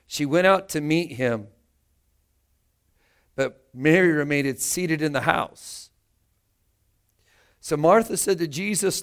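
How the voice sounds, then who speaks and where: A male pastor with a high, clear voice preaches in a church meeting room. His delivery is earnest. He often repeats words and phrases as he builds toward a point. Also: slow pace, long pauses, a bit bright. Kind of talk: sermon.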